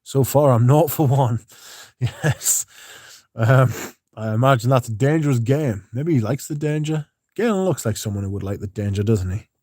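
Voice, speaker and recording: A man's voice: mid-range voice, moderate pace, no room sound, studio quality. A man hosting a fragrance livestream, chatting casually and rambling between comments. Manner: relaxed, rambling, chatty with fillers.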